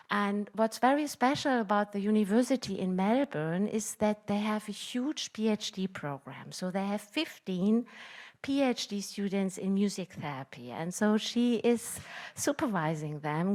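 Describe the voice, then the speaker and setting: A woman hosts a public lecture and introduces the guest. She talks slowly and hesitantly, searching for words and stumbling as she goes. Her voice sits at a middle pitch. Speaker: host introducing the speaker. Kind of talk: formal introduction.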